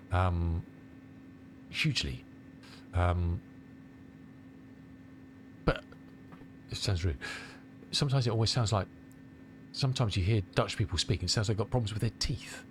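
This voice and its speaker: Slightly under the weather with a cold, a middle-aged English flight sim streamer talks loosely with his chat, rambling aloud through viewers' questions. His voice sits low yet a bit bright, swinging widely in pitch, with a faint rumble humming behind him.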